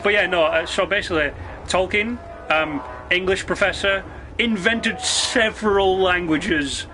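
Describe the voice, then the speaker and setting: A man's voice: high-pitched, measured pace, over music. A man streaming a game, ranting in a sarcastic, sweary, rambling way. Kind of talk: casual rant while gaming.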